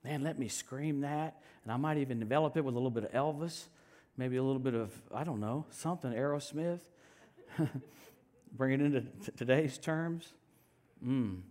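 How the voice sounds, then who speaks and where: A male pastor preaching a sermon in an animated, joking way, swinging from loud outbursts to soft asides. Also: mid-range voice, moderate pace.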